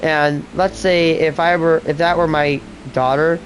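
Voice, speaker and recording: A man's voice: on the high side, flat delivery, unhurried, slight background noise. A man streaming a game, commenting casually with rambling asides and fillers. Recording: music in the background.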